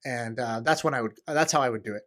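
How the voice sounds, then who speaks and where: A man in a casual podcast interview, talking fast and eagerly with many fillers and restarts. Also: mid-range voice, fairly bright tone. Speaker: podcast guest, entrepreneur.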